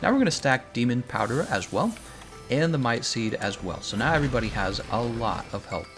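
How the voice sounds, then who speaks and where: A man's voice: mid-range voice, big pitch swings, a little fast, a bit bright, soft background music. A young adult man streaming a game, chatting casually and with strong opinions, laughing often. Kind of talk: casual livestream chat while playing.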